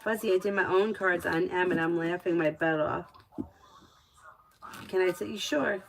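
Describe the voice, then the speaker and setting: A woman doing tarot readings on a home live stream, talking in a chatty, giggly way. Her voice sits fairly low, with a faint hiss of noise behind it. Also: measured pace, gravelly, rough recording. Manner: chatty and giggly, lively storytelling. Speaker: tarot reader.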